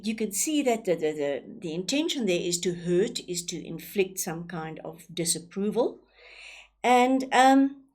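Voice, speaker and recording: A woman's voice: mid-range voice, darkish tone. A woman teacher with a South African English accent, explaining a lesson with many ums and repeated words, often asking rhetorical questions.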